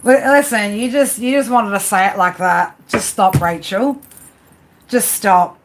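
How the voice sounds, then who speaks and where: A woman's voice: mid-range voice, measured pace, noisy background. Chatty woman giving tarot readings. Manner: chatty, rambling, with many restarts. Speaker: tarot reader. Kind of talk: live stream reading.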